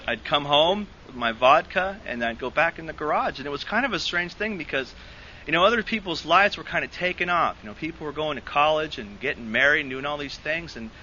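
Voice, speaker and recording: A man's voice: fairly high pitch, a little fast, sharp tone, dull audio, slight background noise. Man telling his story at a recovery meeting. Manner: rambling storytelling with frequent restarts and laughter. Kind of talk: personal testimony to a group. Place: meeting hall.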